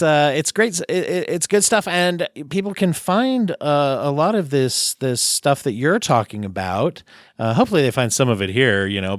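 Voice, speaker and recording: A man hosting a podcast interview, talking in a chatty, halting way with many restarts and laughs. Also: medium pitch, no room sound, studio quality. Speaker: podcast host. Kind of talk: casual interview chat.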